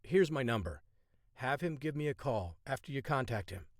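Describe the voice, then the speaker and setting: A man's voice: mid-range voice, lively intonation, moderate pace, dry recording, lightly acted. Terse, guarded male spy, dry delivery, read by the narrator.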